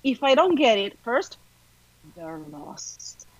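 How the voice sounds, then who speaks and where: A middle-aged actress, chatting in an upbeat way as a podcast guest, talking fast in bursts. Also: female voice, on the high side, big pitch swings, no room sound, muffled recording. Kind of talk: casual podcast chat.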